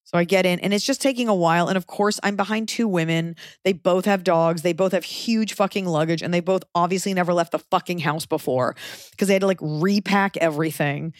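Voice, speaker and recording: A woman hosting a podcast, chatting casually with frank, profane, animated storytelling. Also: fairly low pitch, brisk, no room sound, studio quality. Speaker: podcast host.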